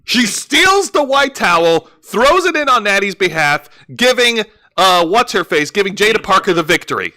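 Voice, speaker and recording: Lively, bright-voiced man rambling in casual chat. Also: high voice, normal speed, few pauses. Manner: rambling, many restarts and "like" fillers. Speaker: wrestling review co-host.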